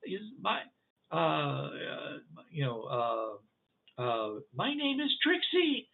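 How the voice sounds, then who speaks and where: A man voicing a very small, timid insect child in a tabletop game, high and wavering with stammers. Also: sing-song, slow, gravelly, heavily acted. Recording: tinny phone-like line.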